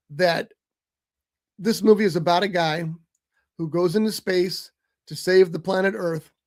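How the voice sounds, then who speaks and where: High-voiced chatty man on a stream. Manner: chatty, exasperated teasing. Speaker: co-host. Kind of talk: casual movie chat. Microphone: streaming mic.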